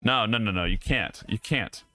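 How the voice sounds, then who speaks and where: This streamer host is a young man with a fairly low, bright voice and a forceful tone, speaking at a moderate pace into a studio mic. He rambles through casual, joking chat with his stream viewers and laughs a lot.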